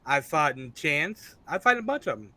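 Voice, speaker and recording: Sex: man. Role: match judge. Style: casual chat. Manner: blunt, joking, full of fillers. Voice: fairly high and bright. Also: big pitch swings, moderate pace, dry recording.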